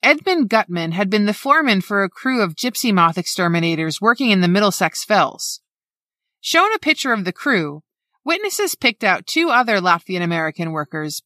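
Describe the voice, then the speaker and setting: A woman reads a scripted true-crime account with a bright, forceful tone and lively pitch. She is measured and exact as she lays out numbers and names. The sound is dry and close. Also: no echo. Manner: measured, reads dates and figures precisely. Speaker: narrator.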